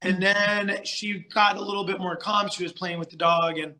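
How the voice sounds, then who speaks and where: A middle-aged man from the United States, a podcast guest telling stories in a chatty, animated way, full of fillers and restarts. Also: sits high, normal speed. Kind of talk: casual storytelling interview.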